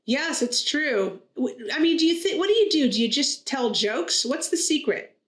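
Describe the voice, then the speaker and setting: A woman rabbi talks in a chatty, playful way, her voice sitting a bit high. The sound rings with room echo. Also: animated, normal speed, fairly bright tone. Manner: chatty, playful joke-teller. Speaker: rabbi, co-host. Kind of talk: casual conversation.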